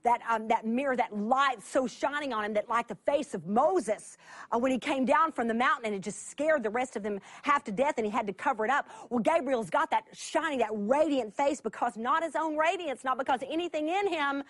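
High, animated woman Bible teacher; dry, close sound. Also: a little fast, dry recording. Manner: animated, laughing storyteller. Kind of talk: teaching sermon.

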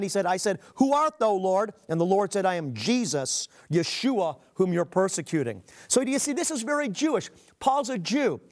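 A man preaching a sermon, earnestly reading scripture aloud and calling his listeners "beloved". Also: high-pitched. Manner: reads scripture aloud with emphatic pauses.

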